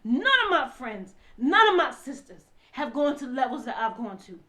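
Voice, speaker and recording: A woman telling her own painful story through tears, impassioned, dropping to a hush and then rising to forceful outbursts. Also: high voice, big pitch swings, moderate pace. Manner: impassioned, swinging from hushed to loud and forceful. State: crying. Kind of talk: emotional personal testimony.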